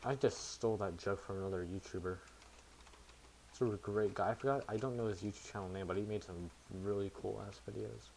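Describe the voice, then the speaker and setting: A man's voice: fairly low pitch, steady tone, fairly quick, creaky, darkish tone, slight background noise. A man talking his chat through his code in casual live commentary, thinking aloud and making self-mocking asides. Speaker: programmer streaming to chat.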